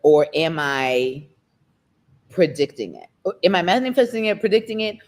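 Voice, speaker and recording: A woman, a guest talking candidly in an interview, emotional and close to tears, her pace speeding up and slowing down. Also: fairly low pitch. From United States. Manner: emotional, expressive, quick shifts in pace. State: near tears.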